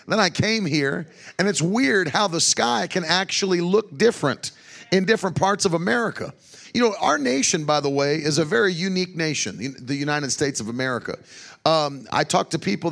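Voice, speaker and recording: A man's voice: on the high side, gravelly, fairly bright tone. A man preaching and teaching emphatically, punctuating his talk with amens and hallelujahs. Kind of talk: sermon-style teaching to a broadcast audience.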